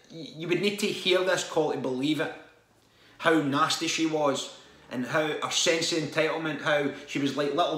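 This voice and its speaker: A man's voice: fairly high pitch, sharp tone, roomy sound. A man from the UK, a former benefits call-centre agent, telling stories in an earnest, rambling way with many false starts. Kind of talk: casual storytelling monologue.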